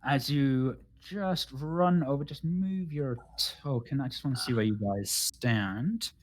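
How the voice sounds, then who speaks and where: A man narrating a tabletop game as game master, halting with many restarts. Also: mid-range voice, a little mellow. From United Kingdom.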